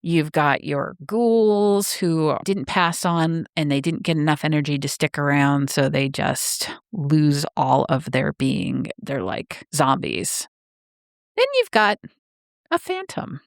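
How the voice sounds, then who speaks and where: A woman's voice: low-pitched, slow pace, few pauses, dry recording. A woman co-hosting a podcast, recapping a plot in laid-back, dry chat. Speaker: podcast co-host. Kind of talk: casual book-club chat, recapping a plot.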